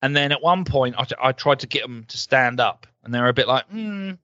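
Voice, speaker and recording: A man co-hosting a casual podcast, ranting and swearing in an animated, jokey way. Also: mid-range voice, quick pace, no echo, dull audio. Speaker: podcast co-host. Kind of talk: casual chat.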